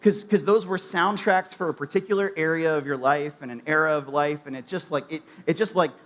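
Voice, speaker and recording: Male pastor, sermon in a church; loose, chatty delivery full of "like" and restarts, voice sits a bit high. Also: a little fast, fairly bright tone. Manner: conversational, many fillers and restarts.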